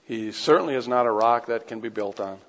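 A man's voice: mid-range voice, a little fast. A man preaching a sermon, reading scripture aloud and breaking off into casual conversational asides. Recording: dull lo-fi recording with long hall reverb.

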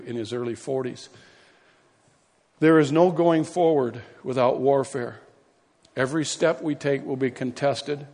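A man's voice: mid-range voice, a little mellow. A man preaching a sermon as pastor, impassioned and building to emphatic peaks. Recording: long hall reverb.

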